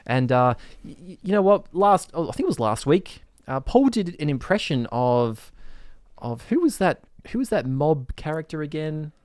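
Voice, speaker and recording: A man's voice: on the high side, big pitch swings, normal speed, darkish tone, no echo, studio quality. A male podcast host who chats casually and hesitantly, with frequent fillers. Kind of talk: casual chat.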